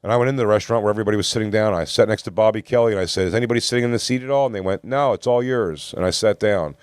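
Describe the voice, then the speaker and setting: A man with a lowish, clear, resonant voice talks rapid-fire as he co-hosts a comedy podcast. He tells friends a rambling, profane story, acting out what others said. The recording is dry.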